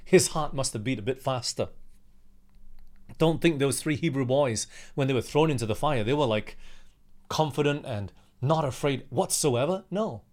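A man's voice: mid-range voice, expressive, normal speed, darkish tone. Conversational man leading a Bible study. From Australia. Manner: conversational, asks the listener questions, acts out quotes. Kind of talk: sermon-style Bible study talk.

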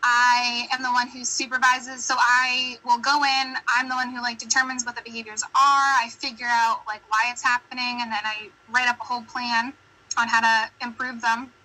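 Bright-voiced chatty American woman. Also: on the high side, rough recording. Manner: chatty, laughing, quick storytelling. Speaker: podcast guest. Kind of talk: casual chat.

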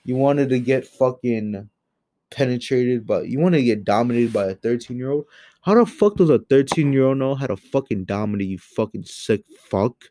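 A young man giving a heated, profane rant into a home microphone, swinging between loud outbursts and low muttering. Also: normal speed. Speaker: commentary host. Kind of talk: angry ranting commentary.

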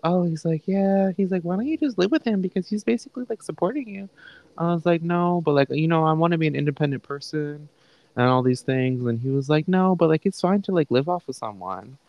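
A man's voice: medium pitch, no room sound, muffled recording. A young man hosting a podcast at home, casually retelling a conversation with profane, candid asides. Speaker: podcast host. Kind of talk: casual storytelling. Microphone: live online call setup.

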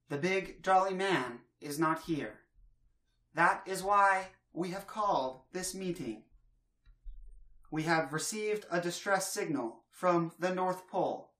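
A man voicing a formal host of the holiday council, measured and pleading for calm. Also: high voice, reverberant, voice pushed up.

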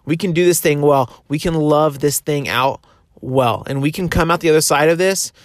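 A man's voice: on the high side, normal speed, no echo, studio quality. A man giving a casual, earnest devotional talk, full of fillers and conversational asides.

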